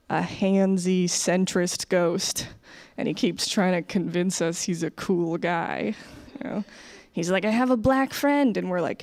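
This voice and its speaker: A woman's voice: on the low side, a little mellow. Chatty self-mocking American woman comedian. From United States. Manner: chatty, self-deprecating, laughs between jokes. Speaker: stand-up comedian. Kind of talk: online stand-up comedy set. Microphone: camera, sometimes leaning in too close.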